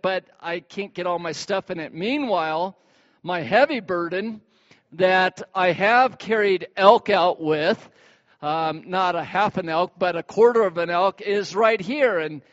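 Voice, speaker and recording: Man, pastor, animated sermon, high pitch, long reverb. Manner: animated, acts out examples with sudden high bursts. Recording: dull sound with long hall reverb.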